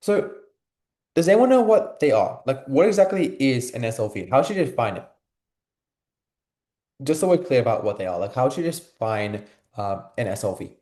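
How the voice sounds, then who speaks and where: A man's voice: mid-range voice, big pitch swings, normal speed, dark tone, reverberant. A young man tutoring a class in a casual, filler-heavy way, asking his students questions. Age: young adult. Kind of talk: live online class teaching.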